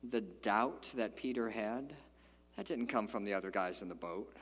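A man preaching a sermon in a church, animated and emphatic, rising to loud peaks and dropping to quiet asides. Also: lowish voice, moderate pace, husky. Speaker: pastor. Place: church sanctuary. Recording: long hall reverb.

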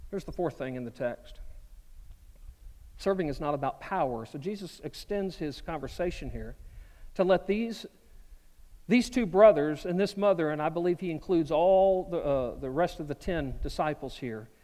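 High-voiced preaching man in a reverberant hall. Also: moderate pace. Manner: animated, conversational preaching with quoted asides. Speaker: pastor. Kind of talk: sermon. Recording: long reverb of a large hall.

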